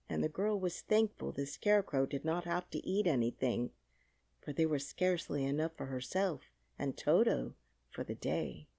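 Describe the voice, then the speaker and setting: A woman narrating a classic children's audiobook with an expressive storytelling reading, on a close studio mic. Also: low-pitched, breathy edge, dry recording.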